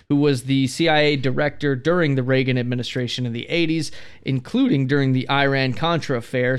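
A man co-hosting a casual podcast discussion, reading from prepared notes in a relaxed way. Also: medium pitch, clear, resonant tone. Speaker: podcast co-host.

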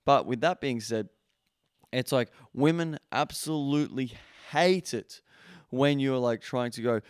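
A man's voice: mid-range voice, unhurried, smooth, no room sound, studio quality. A male podcast host in a casual coaching monologue, blunt and emphatic, swearing freely and leaning on lots of "like" fillers.

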